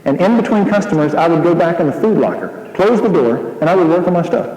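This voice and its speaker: Man, sermon, animated storyteller, slightly high voice, reverberant hall. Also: fast talker, a little hiss or hum. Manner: animated storytelling, acting out dialogue. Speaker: pastor. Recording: echoey hall.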